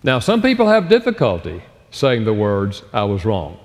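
A man giving a sermon-style talk on relationships, expressive and emphatic, slowing down to stress points. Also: on the low side. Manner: expressive, slows down for emphasis and acts out quoted dialogue. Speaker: speaker on relationships. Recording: long reverb of a large hall.

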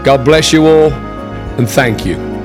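A man preaching to a church, joking and animated, laughing often and rising almost to a shout. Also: medium pitch, takes it slowly. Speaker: visiting missionary preacher. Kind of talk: sermon, casual and joking. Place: large church hall. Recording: live church hall with reverb and faint music.

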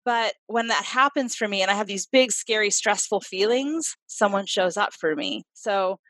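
A woman's voice: mid-range voice, normal speed, fairly bright tone, dry recording, rough recording. A middle-aged woman, a clinician and parenting expert, talks earnestly in a podcast interview and acts out examples as she explains.

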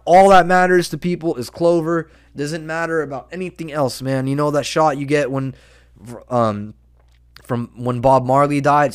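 A man hosting a solo podcast who rants in a profane, excitable way and keeps saying "dude" and "man". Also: a little high. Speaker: podcast host.

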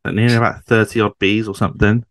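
Deep-voiced man, chatty podcast host. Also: flat delivery, fast talker, a bit bright, no echo, studio quality. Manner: chatty, lots of tag questions. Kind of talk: casual chat about a TV sitcom.

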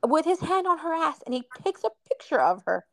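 A woman's voice: high voice, sing-song, a little fast, vocal fry, dry recording. Candid woman telling a story, dry sound. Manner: candid storytelling, calls guest "girl". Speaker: podcast host. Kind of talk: casual chat.

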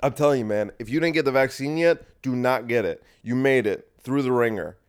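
A man's voice: medium pitch, a little fast, smooth. A man hosting a podcast, talking in a rambling, crude and sarcastic monologue with frequent restarts. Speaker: podcast host. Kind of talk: casual monologue.

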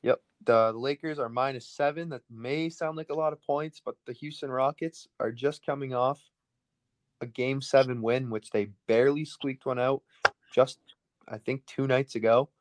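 A man co-hosting a casual sports podcast, firing off his betting picks in a rapid, breathless rush. His voice sits at an ordinary middle pitch. He is recorded close and dry, with no room sound. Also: steady tone, no room sound. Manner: rapid-fire, rattles through picks.

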